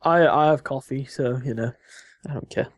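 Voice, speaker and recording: A tired man chatting casually on a late-night gaming podcast, wry and quick to laugh. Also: mid-range voice, no room sound, clean studio sound. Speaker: podcast co-host.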